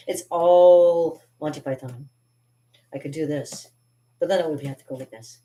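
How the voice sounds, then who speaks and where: A woman's voice: low-pitched, moderate pace, dark tone, roomy sound. A woman vlogging about cartooning in a chatty, giggly way, reading her own poetry aloud with theatrical drama.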